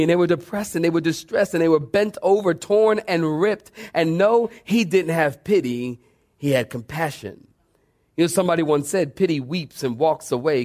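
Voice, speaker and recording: A male pastor preaching a sermon to a congregation, swinging between soft emphasis and fervent, high-pitched exhortation, sweating as he goes. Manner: preaching with rising fervor and dramatic pitch swings. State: sweating from exertion.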